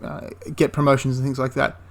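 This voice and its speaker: A man's voice: medium pitch, completely flat delivery, fairly quick, creaky. A man giving a casual, enthusiastic spoken review of a tabletop wargame, rambling into asides and restarting his sentences.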